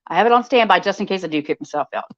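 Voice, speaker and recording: Lively, chatty woman streaming live. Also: medium pitch, very fast. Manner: chatty, teasing, talks to viewers while fiddling with devices. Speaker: livestream host. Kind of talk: casual livestream chat. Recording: lo-fi livestream audio.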